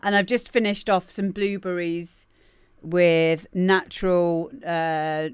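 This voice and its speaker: A woman's voice: fairly low pitch, clean tone, dry recording. A woman in her thirties hosting a live stream, chatting casually and greeting viewers by name with laughs and rambling asides. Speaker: livestream host.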